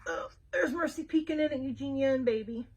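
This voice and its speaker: Recorded on a webcam with slight background noise, this female librarian reads a storybook to children in a high voice at a fairly quick clip. She breaks off for chatty remarks to the little ones while showing the pictures.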